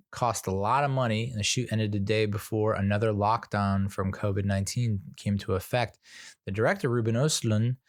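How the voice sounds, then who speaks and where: A man's voice: lowish voice, dry recording, studio quality. A young man, casually retelling scenes from a movie and laughing at his own stumbles as a podcast host. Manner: rambling, laughs at himself, retells scenes with acted quotes. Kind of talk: casual solo review.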